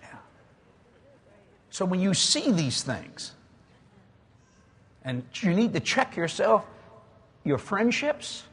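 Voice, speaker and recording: Lively Cajun preacher man. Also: sits high, husky. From South Louisiana. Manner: animated, joking storyteller who laughs at his own lines. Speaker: guest preacher. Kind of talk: humorous sermon.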